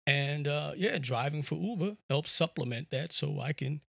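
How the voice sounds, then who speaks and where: A man's voice: fairly high pitch, expressive, normal speed, vocal fry, a bit bright, slightly rough, no room sound, studio quality. A man hosting a podcast, talking in a casual, rambling, jokey way with lots of fillers, recorded on a USB microphone. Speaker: podcast host. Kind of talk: casual monologue.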